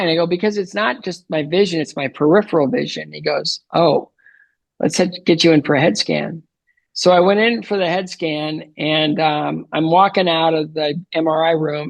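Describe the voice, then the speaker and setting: Male podcast guest, 50s, earnest storyteller, gravelly, dry close mic. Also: a little high, fairly quick, no room sound. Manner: earnest, animated retelling with frequent fillers. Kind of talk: storytelling interview answer.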